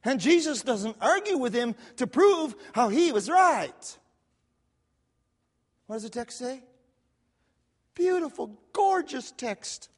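A man preaching a sermon, telling the story with lively repetition and quick asides, recorded in a church sanctuary. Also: very high voice. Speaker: pastor. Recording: long hall reverb.

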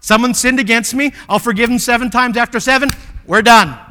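A preacher putting on a smug, loud disciple. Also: male voice, extremely high pitch, fairly quick, long reverb tail, pitched above the performer's own voice. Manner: boastful, loud, pleased with himself. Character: self-satisfied male disciple bargaining over forgiveness.

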